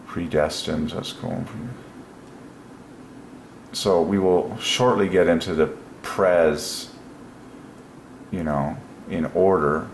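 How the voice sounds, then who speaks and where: A man hosting a casual solo video, musing aloud and breaking into excited exclamations. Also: low-pitched, slow pace, vocal fry, pauses often. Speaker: religious video host. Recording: echoey room with faint noise.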